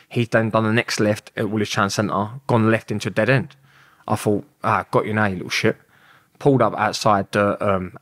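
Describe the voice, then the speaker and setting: Young london bloke, kinda low voice, tells his story loose and sweary, laughs along. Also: a bit bright. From England. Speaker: guest. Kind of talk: casual interview storytelling.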